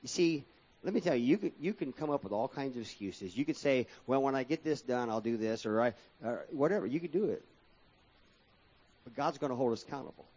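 A man preaching a sermon as pastor, calling out to his congregation and swinging between pressing emphasis and quieter asides. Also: mid-range voice, lively intonation, brisk, slightly rough, lo-fi sound. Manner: preaching with rising and falling emphasis, addressing the congregation as folks.

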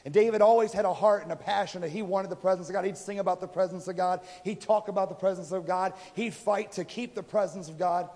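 A man's voice: high voice, fairly even intonation, fast, hardly any pauses, a little mellow. A man preaching a sermon, retelling a story in a casual, conversational way and voicing the people in it. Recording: reverberant hall.

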